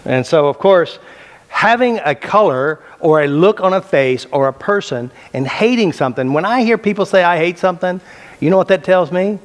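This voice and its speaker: A man's voice: high voice, lively intonation, normal speed. A middle-aged man teaching a self-help talk to a live audience in a preachy way, firing rhetorical questions at the room.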